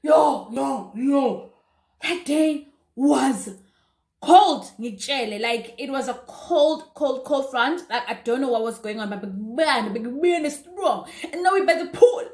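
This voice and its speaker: A young South African woman telling a casual storytime, chatty and animated, with asides to her viewers. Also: high-pitched, moderate pace, hardly any pauses. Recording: roomy echo.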